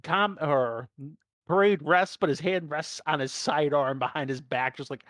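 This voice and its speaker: A man's voice: fairly high pitch, a little slow, fairly bright tone, dry recording, clean studio sound. A man playing in a tabletop game, crude and swearing a lot. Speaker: player. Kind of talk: casual tabletop role-play.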